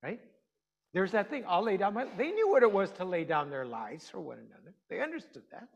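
High-voiced pastor in a reverberant hall. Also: male voice, sing-song, a little fast, vocal fry, highs cut off. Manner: chatty, asks the congregation questions. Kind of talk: conversational sermon.

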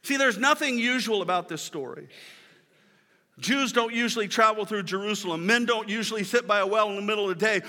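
A male pastor preaching a sermon at a church service, with energetic delivery, repeated words and casual, folksy phrasing. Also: high voice, fairly quick. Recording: long hall reverb.

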